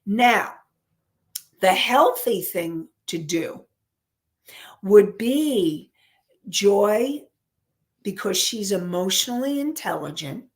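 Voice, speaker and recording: A woman counselor and life coach teaching an online class, repeating and restarting phrases as she works through an example. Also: mid-range voice. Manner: unhurried, repeats and restarts phrases while explaining.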